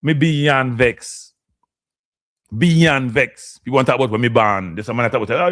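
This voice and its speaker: A man's voice: medium pitch, a little slow, a bit bright. A man with a Jamaican accent, hosting a live stream and ranting heatedly, switching between standard English and patois. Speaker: host. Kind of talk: impassioned live-stream rant.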